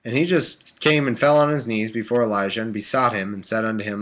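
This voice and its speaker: At home in a warm room, a drowsy man casually reads aloud on a live stream and breaks off for sleepy, joking asides. His voice is lowish, steady, and fairly bright, and he speaks briskly with few pauses.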